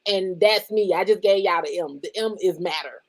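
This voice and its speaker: A woman's voice: fairly low pitch, moderate pace, low-quality recording. A woman chatting casually as a guest, playful and laughing often. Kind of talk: casual chat.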